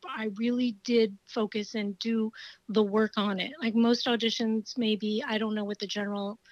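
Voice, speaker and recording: A woman actress speaking as a guest, frank and lively, with quick asides. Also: a little high, no room sound, muffled recording. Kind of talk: casual interview.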